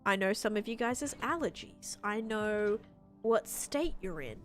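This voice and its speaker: Young woman, game streamer, rambling casual chat, mid-pitched, faint music behind. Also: animated, unhurried. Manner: rambling, filler-heavy, chatty.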